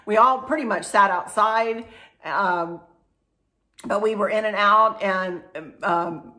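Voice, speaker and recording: A middle-aged woman vlogger chats casually to camera for her viewers, emotional and rambling, often restarting her sentences. Her voice sits in the mid-range with a sharp tone, and she takes things slowly.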